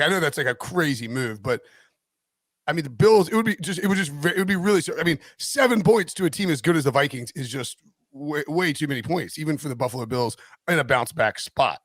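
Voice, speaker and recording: A man of middling pitch co-hosts a casual sports betting podcast, rambling through his points with restarts and jokes. He often circles back mid-sentence before landing a thought. The recording is dry and close, with no room sound. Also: a bit bright, dry recording. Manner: rambling, lots of restarts and "like", jokey. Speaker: podcast co-host, NFL betting analyst.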